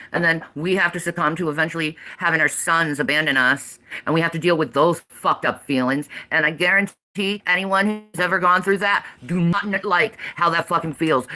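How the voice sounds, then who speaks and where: A woman's voice: fairly low pitch, bright, forceful tone. A woman in her forties, ranting on a livestream, swearing heavily in a defiant, emphatic way. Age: 40s. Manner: heavy profanity, defiant and emphatic.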